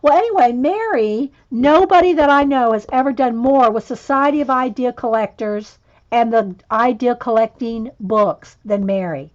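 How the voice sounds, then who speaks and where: Hiccups keep interrupting this middle-aged woman as she hosts her art channel, rambling chattily on a livestream and starting over often. Her pitch is fairly high, her pace moderate, and the sound quality lo-fi.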